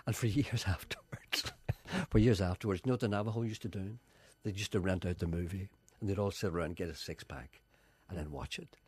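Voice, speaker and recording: A man's voice: low voice, a little fast, husky, dry recording. A man presenting a radio show and telling anecdotes in a chatty way, acting out the voices of the people in his stories. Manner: animated, acts out voices in anecdotes.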